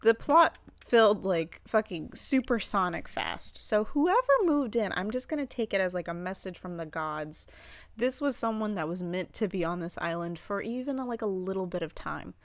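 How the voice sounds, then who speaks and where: A young woman chatting casually over her gameplay, excitable, squealing and swearing at what happens on screen. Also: medium pitch, moderate pace, no room sound. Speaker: gaming channel host.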